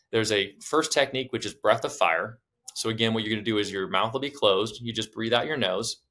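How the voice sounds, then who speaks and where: A man guiding a breathing exercise, calmly coaching and counting breaths aloud. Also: fairly low pitch. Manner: soothing meditative guidance. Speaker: breathwork guide. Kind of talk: guided breathing instruction.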